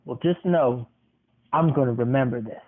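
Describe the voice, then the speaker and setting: A man's voice: medium pitch, moderate pace, lightly acted. A man voicing a pushy adult male stranger who asks for money and acts indignant. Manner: indignant, pressuring. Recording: tinny phone-like sound.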